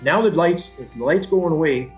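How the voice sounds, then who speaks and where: A man tells his story in a blunt, profane way and acts out every line of dialogue he quotes. His voice sits a little higher than most men's. Faint music plays behind him. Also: moderate pace, reverberant. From Ontario, Canada. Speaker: brother of a missing woman, interviewee. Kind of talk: storytelling interview.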